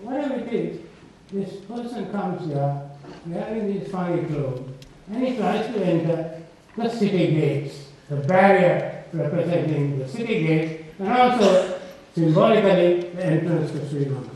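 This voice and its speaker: An older man giving an academic lecture in an auditorium. He talks in an unhurried, digressive way and often adds "you see". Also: high-pitched, animated, darkish tone. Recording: echoey hall from a distant mic.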